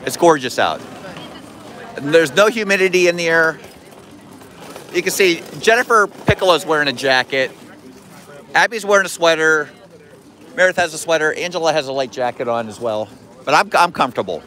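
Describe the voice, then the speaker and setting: A man's voice: fairly high pitch, lively intonation, moderate pace, pauses often, sharp tone. Upbeat, chatty man hosting a livestream. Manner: upbeat, chatty, greets viewers by name and thanks them for super chats. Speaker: livestream host. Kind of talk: casual livestream chat. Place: outdoors at a theme park.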